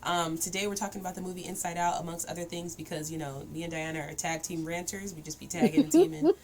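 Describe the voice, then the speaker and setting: A woman's voice: lowish voice, animated, fast talker, a crowd in the background. A woman hosting a casual livestream chat, explaining points conversationally and laughing along. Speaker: streamer host.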